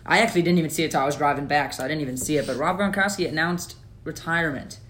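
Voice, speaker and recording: A man co-hosting a casual sports podcast, opinionated and animated, with lots of fillers. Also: on the high side, very fast, a little hiss or hum. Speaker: podcast co-host.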